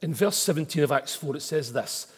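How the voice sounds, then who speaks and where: Man, pastor preaching; lively, husky voice; big church-hall reverb. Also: fairly high pitch, fairly quick. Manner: emphatic, rising to forceful repeated declarations. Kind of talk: sermon. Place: church auditorium.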